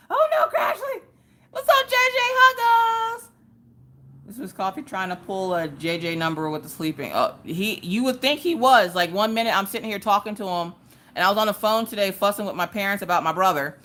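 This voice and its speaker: On a casual live stream, a Southern US woman keeps up a quick pace as she chats noisily with the people watching. Each greeting comes out as a high-pitched squeal.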